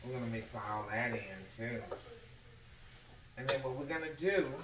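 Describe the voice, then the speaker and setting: A woman hosting a casual home cooking demonstration, talking the viewer through each step and checking in with a quick "okay?" again and again. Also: extremely low pitch, background noise. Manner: chatty, keeps checking in with the viewer by asking "okay?". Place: home kitchen. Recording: echoey kitchen with background music.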